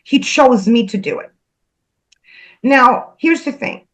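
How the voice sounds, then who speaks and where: A woman earnestly recounting a spiritual experience, halting and repeating herself, emotional as she goes. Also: high-pitched, lively intonation, a bit bright, low-quality recording. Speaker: spiritual channel host. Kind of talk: personal spiritual storytelling.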